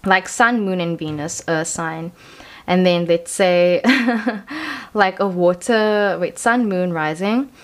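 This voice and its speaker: Young female tarot reader, slightly low pitch, casual, reassuring, rambling delivery. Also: slow. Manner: chatty, reassuring, lots of "you know" and "um". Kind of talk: casual pick-a-card tarot reading.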